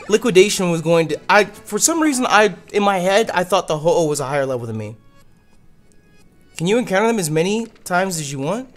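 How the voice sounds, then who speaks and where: A man hosting a let's play, giving casual gameplay commentary in an animated, exasperated way and swearing freely. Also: high-pitched, a little fast, faint music behind.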